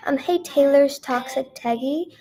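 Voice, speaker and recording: Hoarse woman, gravelly fry, higher than most women, chatty livestream host full of "like" and "um". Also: a little slow, music in the background. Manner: chatty, lots of "like" and "um", thanks viewers by name. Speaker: singer-songwriter streaming to her chat. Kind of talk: casual livestream chat.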